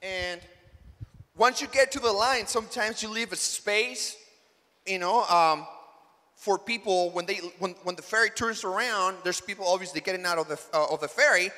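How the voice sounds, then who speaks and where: A man giving a school chapel sermon, telling a personal story in an animated way and acting out the dialogue. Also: high-pitched, normal speed. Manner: animated, acts out dialogue, rising to near shouts. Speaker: chapel speaker. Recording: echoey hall reverb.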